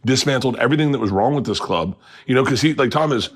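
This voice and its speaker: Podcast host man, mid-pitch, loud lively storytelling, acts out the quotes. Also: fast, breathy edge. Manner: animated storyteller, acts out quotes with big pitch jumps, laughs often. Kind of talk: casual storytelling chat.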